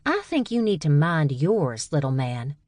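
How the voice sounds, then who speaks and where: A woman's voice: sits low, very animated, a little slow, a little mellow, no room sound. A woman voicing a menacing, condescending female boss with an American Southern drawl in an audiobook.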